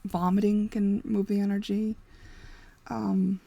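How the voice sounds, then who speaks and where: A woman's voice: medium pitch, little pitch movement, slow pace, vocal fry, mellow, dry recording. A woman hosting an intuitive reflection reading, giving candid, rambling advice with frequent laughs and fillers. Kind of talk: casual spoken advice.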